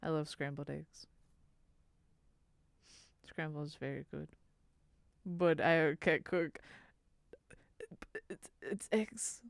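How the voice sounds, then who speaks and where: Woman streamer, dry close mic, smooth clear voice, doting, cutesy slang. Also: deep voice, slow pace, pauses often, no room sound. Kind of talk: casual live-stream chat, reading chat.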